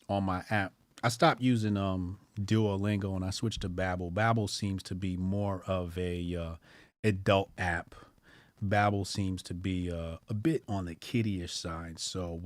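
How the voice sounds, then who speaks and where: A man hosting a casual livestream commentary, slangy and profane, talking to his chat and swinging between loud excitement and low mumbling. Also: no echo. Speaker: streamer and news commentary host.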